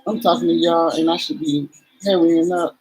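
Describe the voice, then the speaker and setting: A woman's voice: on the low side, fairly even intonation, normal speed, a little mellow, breathy edge, low-quality recording. A woman in her forties, a vlogger chatting candidly and emotionally to her viewers while doing her makeup.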